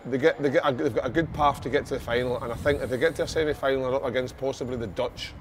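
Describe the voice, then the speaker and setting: A man's voice: mid-range voice, fairly even intonation, rapid-fire, over a noisy crowd. A Scottish man on a football podcast panel, easygoing, opinionated and jokey. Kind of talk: casual football chat.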